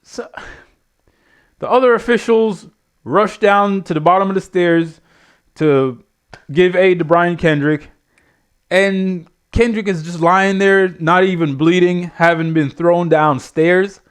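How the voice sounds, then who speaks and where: A man's voice: high-pitched, slow, clean tone. A man reviewing a wrestling show in a blunt, exasperated rant full of swearing. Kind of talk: profane ranting review.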